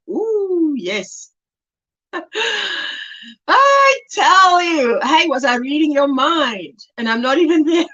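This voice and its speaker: A woman with a South African accent and a sharp, somewhat high voice hosts a casual crochet livestream, with dull-sounding audio. She's chatty, laughs often, and reads the chat aloud from her phone.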